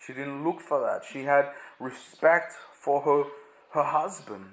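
A man giving a conversational Bible teaching, often halting and repeating words with frequent "you know" fillers. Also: a little high, expressive, a bit bright. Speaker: preacher. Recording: echoey room.

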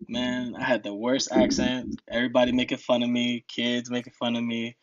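A man's voice: medium pitch, completely flat delivery, moderate pace, dry recording, lo-fi sound. A young man from New Jersey, a podcast guest telling stories in a laid-back way, laughing often. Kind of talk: casual storytelling.

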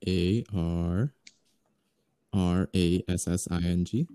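A man joking with friends during a casual spelling bee, loud and playful, spelling words out slowly. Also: low voice, steady tone, no echo. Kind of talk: casual chat among friends.

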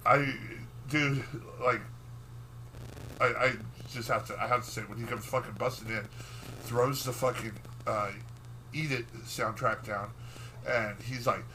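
A man's voice: medium pitch, steady tone, measured pace, pushed and bright, a little hiss or hum, poor audio. A man co-hosting a podcast, rambling through a profane, filler-heavy recap in casual chat. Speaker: podcast co-host.

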